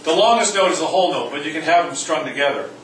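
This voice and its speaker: A man's voice: a little high, lively intonation, fast talker, fairly bright tone, distant mic, slight background noise. A man teaching a music class, joking with students and coaxing them to sing rhythms. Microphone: far from the mic. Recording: echoey room recorded from afar.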